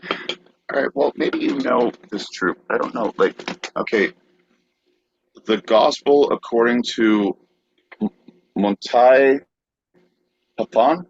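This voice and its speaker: A man's voice: mid-range voice, slow pace, pauses often, slight background noise. A man co-hosting a podcast, hesitant and dry as he reads out bits in comedic banter. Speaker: podcast co-host. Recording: dry, dull lo-fi sound.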